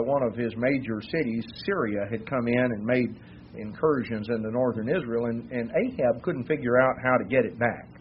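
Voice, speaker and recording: A man's voice: mid-range voice, muffled recording, slight background noise. A man preaching a sermon who tells the story in a folksy, conversational way and acts out what the characters say.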